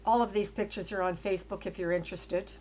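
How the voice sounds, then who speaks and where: An older woman talks through her life story in a loose, rambling way, stopping and restarting with fillers. When she gets worked up, her voice climbs and she becomes loud and emphatic. Her pitch sits in an ordinary middle range. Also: steady tone, quick pace, a little hiss or hum. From Canada. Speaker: autobiographical storyteller. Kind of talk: casual narration over photos.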